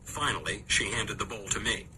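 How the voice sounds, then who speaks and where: A man narrating a fantasy story in the first person, in an expressive storyteller's manner. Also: lowish voice, moderate pace, slight background noise, poor audio. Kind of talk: audiobook narration. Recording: narration over music.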